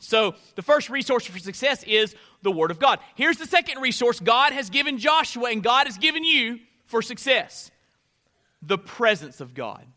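A man preaching a sermon as a pastor, swinging between loud emphatic lines and hushed ones, often repeating words as he starts a phrase. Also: very high voice.

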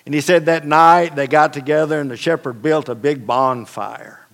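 A man's voice: fairly high pitch, steady tone, moderate pace, gravelly, fairly bright tone. A man preaching a sermon as pastor, telling stories in a conversational, folksy way with casual asides. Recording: long reverb of a large hall.

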